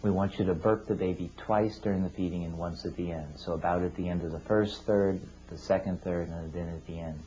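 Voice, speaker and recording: A man's voice: low voice, steady tone, fairly quick, hardly any pauses, warm tone, a little hiss or hum. Dull-recorded man explaining baby feeding steps. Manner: patient, explanatory, plain-spoken. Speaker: cleft team clinician teaching parents. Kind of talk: instructional talk to parents. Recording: dull lo-fi video sound.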